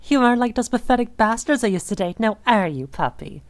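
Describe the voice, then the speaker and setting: A young woman voicing an obsessive, possessive dominant woman in an audio role-play, speaking in a soft, slow, teasing murmur. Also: on the high side, lively intonation, no echo. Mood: possessive, crooning.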